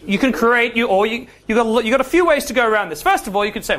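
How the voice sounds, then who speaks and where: A man's voice: extremely high pitch, lively intonation, fast, hardly any pauses, a bit bright, slight background noise. A man teaching a dating workshop, talking straight to the room and often checking in with "yeah?". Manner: direct, asks the room questions, ends points with "yeah?". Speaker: dating coach. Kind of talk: workshop talk to a class.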